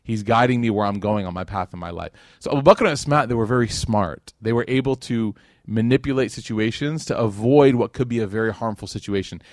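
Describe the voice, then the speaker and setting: This is a brisk, low-voiced man heard in clean, dry studio audio, lecturing on religion in a relaxed way. He spins stories like a conversation, performs the quotes he cites, and keeps dropping "like" and "right?".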